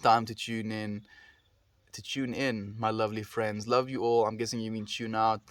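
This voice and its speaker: During a relaxed live stream, a South African host reads viewer messages aloud and answers each person with gentle fondness at a normal speed. His somewhat low voice comes through dry and close, with no room around it.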